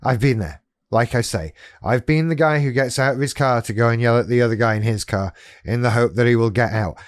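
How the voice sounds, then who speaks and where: A man with a medium-pitched voice talks briskly in studio-quality audio with no room sound. He hosts a YouTube channel about living with BPD and speaks straight to the viewer in a casual, wry, self-deprecating way.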